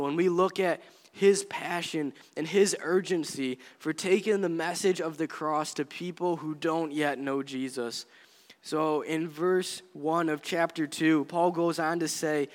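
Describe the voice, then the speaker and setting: A man delivers a sermon to his congregation with an earnest, conversational manner. His voice sits a little higher than most men's. The sound carries a long reverb, as in a church hall. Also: fairly even intonation, measured pace. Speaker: pastor.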